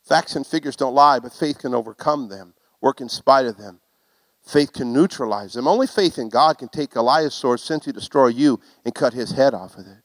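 Animated storytelling preacher man. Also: mid-range voice, moderate pace, no room sound, poor audio. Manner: animated, self-mocking humor that builds to loud exclamations. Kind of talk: sermon storytelling.

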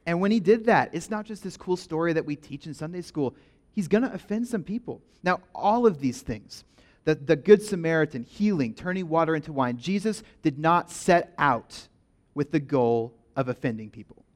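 Lively young male preacher, slightly high. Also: moderate pace. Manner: energetic, conversational, playful asides. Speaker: pastor. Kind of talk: sermon.

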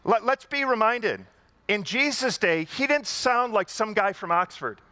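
Bright, high-voiced man preaching. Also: animated, a little slow. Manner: conversational preaching, rhetorical questions, emphatic repetition. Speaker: pastor. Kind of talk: sermon.

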